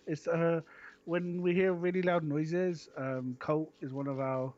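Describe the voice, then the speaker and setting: A man's voice: on the high side, little pitch movement, unhurried, a little mellow, lo-fi sound, slight background noise. Hesitant man with a Cornish accent. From Cornwall, England. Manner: hesitant, repeats words, calls others "my flower". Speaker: streamer. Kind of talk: casual chat.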